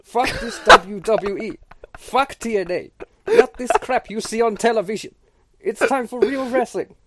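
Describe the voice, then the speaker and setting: A man's voice: very high voice, big pitch swings, unhurried, fairly bright tone, pitched above the performer's own voice, exaggerated voice. A man doing a drunk, hollering wrestler. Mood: rowdy. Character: rowdy excitable drunk male wrestler shouting.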